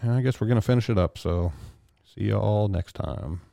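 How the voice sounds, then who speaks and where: A man's voice: fairly low pitch, normal speed, gravelly, warm tone, dry recording, studio quality. A man co-hosting a podcast, chatting casually with a hesitant, rambling delivery full of fillers. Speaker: podcast co-host. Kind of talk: casual chat.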